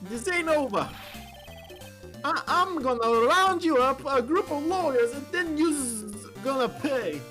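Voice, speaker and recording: A woman's voice: high-pitched, lively intonation, a little slow, a bit bright, soft background music. A woman voicing a brash male gangster biker from a video game, in a tough-guy mobster drawl with a mangled "you's". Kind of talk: reading game dialogue aloud on a stream.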